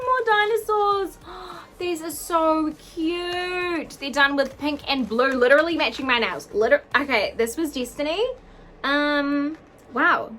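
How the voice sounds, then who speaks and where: A young woman in her twenties unboxing earrings on a casual vlog, gushing and gasping with excitement. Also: sits high, unhurried, low-quality recording. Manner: gushing, excitable, gasps and squeals often. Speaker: vlogger unboxing jewellery. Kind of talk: casual chat to camera.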